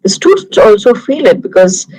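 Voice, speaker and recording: A woman's voice: medium pitch, very animated, normal speed, a little mellow, husky, low-quality recording. Indian woman lecturing over a video call. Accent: Indian English. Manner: conversational, anecdotal, talks through examples. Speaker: guest lecturer. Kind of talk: online lecture.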